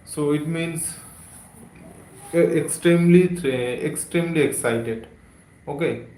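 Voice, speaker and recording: A man teaching English words on a live stream, talking slowly with many fillers and repeated phrases. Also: on the high side, mellow, roomy sound, poor audio. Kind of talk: live-streamed vocabulary lesson.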